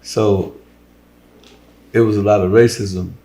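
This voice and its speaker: A man's voice: fairly low pitch, fairly even intonation, slow, warm tone, reverberant. A man hosting a podcast interview who asks blunt, slangy questions in a casual way. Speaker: podcast host.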